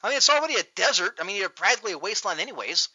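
A man hosting a show, ranting loudly and profanely in a mocking tone, recorded on dull lo-fi audio. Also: high voice, sing-song, racing, breathy edge, dry recording. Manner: loud, profane, mocking rant. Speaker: podcast host. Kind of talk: ranting comedic talk show.

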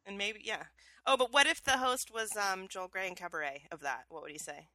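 A woman co-hosting a casual podcast from her house, bubbly and quick to laugh. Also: medium pitch, no echo. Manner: bubbly, animated, laughs easily. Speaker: podcast co-host.

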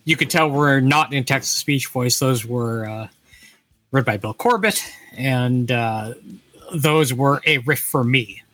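A man's voice: medium pitch, takes it slowly, fairly bright tone, no room sound, faint music behind. A man co-hosting a casual game stream, plainly explaining how the game works. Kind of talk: casual chat while playing a game.

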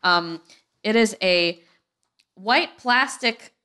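A woman's voice: mid-range voice, very slow, bright, forceful tone, clean tone. A woman hosting a podcast, chatting in a brash, joking way and swearing freely. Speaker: podcast host. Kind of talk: casual podcast chat.

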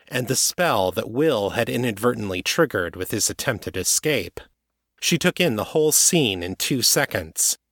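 A man narrating an audiobook chapter in a steady, even storytelling manner. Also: lowish voice, no room sound, studio quality.

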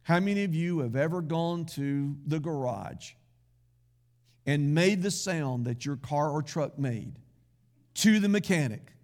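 A man's voice: fairly high pitch, unhurried, a little mellow. A man pastor preaching a sermon in a folksy, conversational way, with asides to the congregation.

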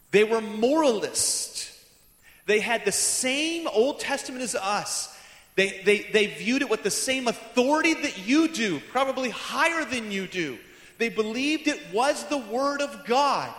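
A man preaching a sermon as pastor, emphatic and repeating phrases for stress, swinging from loud declarations to hushed lines. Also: very high-pitched. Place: large church hall. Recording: echoey hall with long reverb.

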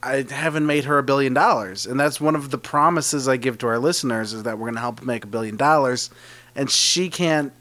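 A man's voice: medium pitch, a little fast, bright, forceful tone. A man hosting a comedy money podcast, chatting in a rambling, jokey, self-deprecating way. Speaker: podcast host. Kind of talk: casual comedic chat.

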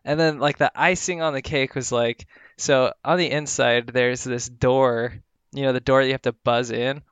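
A man chats casually, telling a rambling anecdote packed with filler words. His voice is smooth and resonant. The recording is dry and close, with no room sound. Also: mid-range voice, fairly even intonation, normal speed, dry recording, muffled recording. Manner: rambling storytelling with frequent "like" fillers. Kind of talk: casual chat.

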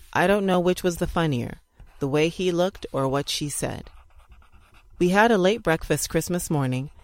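A narrator reads old letters aloud in a measured, unhurried storytelling voice. The voice sits at a middle pitch. It is recorded close and dry, with no room sound. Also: dry recording. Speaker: audiobook narrator.

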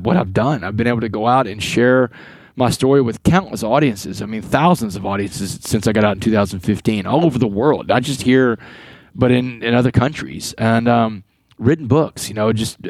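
A man from Texas tells his story as a podcast guest, earnest and animated as he acts out the people in it. His voice sits low, and the sound is dry and close. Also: no room sound. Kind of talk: storytelling interview talk.

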